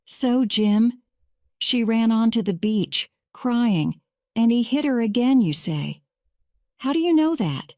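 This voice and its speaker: A woman voicing a calm male lawyer questioning a witness, read slowly and evenly. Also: on the high side, dry recording, studio quality. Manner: measured, slow graded-reader delivery.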